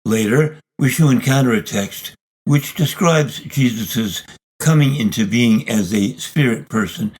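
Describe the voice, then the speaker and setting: A man reading a scripted lesson narration in a measured, deliberate, argumentative way. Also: lowish voice, darkish tone, low-quality recording. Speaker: video series narrator.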